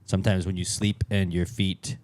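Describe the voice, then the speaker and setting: Joking podcast co-host man, low voice. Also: flat delivery, moderate pace, darkish tone. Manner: joking, riffs on silly voices, reads show plugs. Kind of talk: casual chat.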